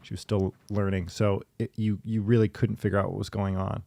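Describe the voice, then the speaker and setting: A man in casual conversation, telling stories in a chatty, lively way with laughing asides. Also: fairly low pitch, brisk, vocal fry, no echo. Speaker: podcast guest in therapy talk. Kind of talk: casual storytelling.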